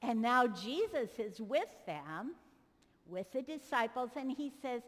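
A woman's voice: on the high side, sing-song, a little slow. A woman pastor giving a children's sermon in a church, cheerfully coaxing the kids as she directs them through a Bible story. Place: church sanctuary. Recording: long echo of a large church.

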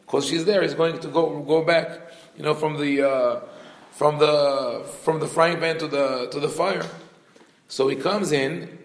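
Male rabbi teaching a class, slightly high voice, talky and repetitive, roomy echo. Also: steady tone, unhurried. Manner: conversational teaching, quotes dialogue, frequent restarts. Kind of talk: Torah lecture.

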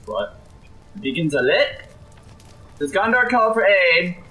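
Excitable young man commenting on gameplay. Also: high voice, a little slow. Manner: excitable, jokey, often does silly voices for enemies. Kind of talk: let's play commentary.

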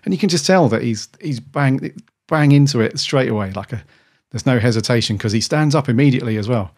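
A man's voice: medium pitch, lively intonation, fairly quick, a little mellow. A man co-hosting a podcast, chatting casually in a rambling way with many restarts. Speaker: podcast co-host. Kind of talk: casual chat.

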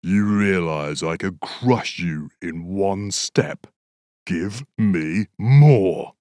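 A huge male bear from a children's storybook, as a male narrator puts him on, his voice sitting very low and dragging out each word. He sounds big, powerful and gruff. The sound is dry and close to the mic. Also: darkish tone, no room sound. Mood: threatening. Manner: slow, heavy, menacing delivery.

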